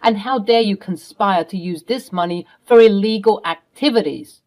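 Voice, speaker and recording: A woman's voice: mid-range voice, animated, normal speed, lightly acted. A woman voicing a protective middle-aged mother who confronts her husband firmly. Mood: accusing. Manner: firm, accusing, commanding.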